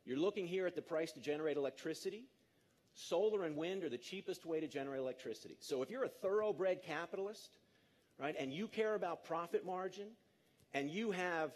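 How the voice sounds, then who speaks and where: Conference speaker, man in his fifties, emphatic and lively with the crowd, voice a bit higher than most. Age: 50s. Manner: energetic, emphatic, engages the audience. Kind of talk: live public talk.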